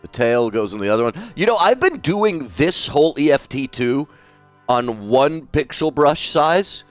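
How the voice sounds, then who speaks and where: With no echo in the sound, a man in the middle of the vocal range talks casually while drawing on a live stream. He reads chat out loud and curses freely as he goes.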